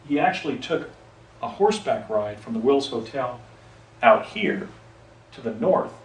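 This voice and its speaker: A medium-pitched man shares a personal experience out on location, unscripted, meandering and repeatedly backing up to correct himself and begin sentences again. The sound has a roomy echo and faint ambience from a distant mic, plus a little hiss or hum.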